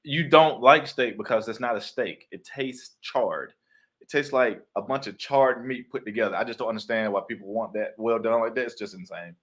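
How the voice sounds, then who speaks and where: At a normal speed and medium pitch, with a slightly bright tone, a young adult man chats in a casual interview as a guest author and actor. He tells playful stories, imitating the voices of the people he quotes.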